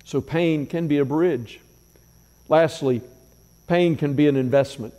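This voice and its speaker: A man preaching a sermon as pastor, measured and emphatic, driving points home with repeated phrases. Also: fairly high pitch, warm tone. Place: church sanctuary. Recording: long reverb in a large church hall.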